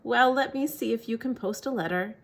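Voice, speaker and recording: A woman's voice: a little high, brisk. Woman reading as a kindly old priest. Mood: gently teasing. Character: kindly elderly male priest.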